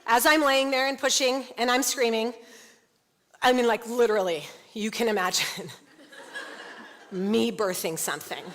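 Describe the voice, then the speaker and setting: A woman founder telling a funny personal story to a women's event audience, animated and laughing often. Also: on the high side, measured pace, long pauses, a little hiss or hum. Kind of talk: comedic personal storytelling talk. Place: large event hall before an audience. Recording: long hall reverb, faint ambience.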